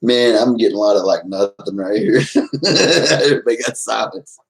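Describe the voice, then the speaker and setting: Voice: mid-range voice, lively intonation, moderate pace, gravelly, low-quality recording. A live-stream host in casual, playful chat with viewers, giggling often and teasing in a folksy way.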